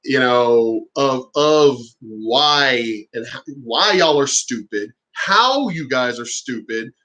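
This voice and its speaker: A man ranting on his own vlog, profane and exasperated, now and then mocking others in shrill voices. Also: animated, takes it slowly, sharp tone, poor audio. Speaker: channel host.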